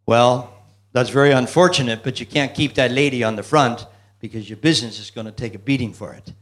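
A man's voice: medium pitch, brisk, a bit bright. A man giving a motivational business seminar talk, telling jokes and asking the audience questions. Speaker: business speaker.

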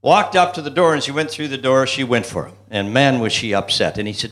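A man's voice: medium pitch, brisk, few pauses, fairly bright tone. Joke-telling business seminar speaker, man. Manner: joke-telling, asks the audience questions. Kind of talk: motivational seminar talk.

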